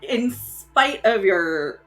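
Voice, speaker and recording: A woman running a tabletop game as game master, narrating in a relaxed way with many fillers. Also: mid-range voice, extremely slow, faint music behind, low-quality recording.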